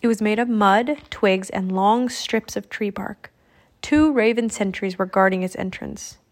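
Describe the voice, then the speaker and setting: A woman reading a children's adventure book aloud in a steady storytelling manner. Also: medium pitch, unhurried. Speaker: audiobook reader.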